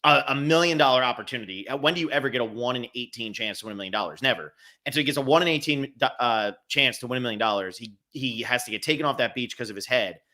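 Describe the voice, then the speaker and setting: Bright-voiced man hosting a casual podcast. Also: mid-range voice, fast. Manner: conversational, relaxed, agreeable listener. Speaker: podcast host.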